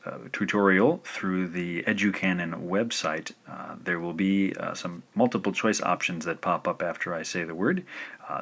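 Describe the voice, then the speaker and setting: Low-voiced man teaching slow pronunciation drills. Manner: slow, careful pronunciation drills with frequent "uh" fillers. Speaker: language teacher. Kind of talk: recorded lesson narration.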